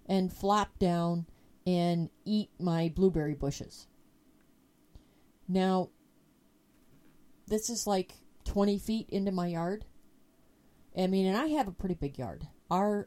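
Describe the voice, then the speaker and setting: A woman hosting a podcast, telling a story in a casual, profane, animated way. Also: lowish voice. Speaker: podcast host.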